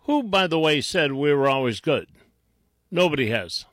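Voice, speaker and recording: A man's voice: fairly high pitch, sing-song, moderate pace, fairly bright tone, dry recording, clean studio sound. A man hosting a talk radio show, mocking and sarcastic, often restarting his sentences. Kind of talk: combative talk radio commentary.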